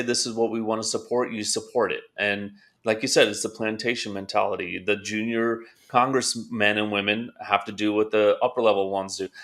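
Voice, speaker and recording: A man's voice: on the low side, fairly bright tone. A man co-hosting a political talk show, explaining his views steadily and asking rhetorical questions. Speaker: podcast co-host. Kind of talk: political commentary chat.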